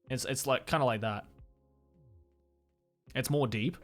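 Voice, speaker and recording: A man's voice: medium pitch, a little slow, pauses often, soft background music. A man chatting casually with his stream audience, often laughing and trailing off with fillers. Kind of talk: casual chat.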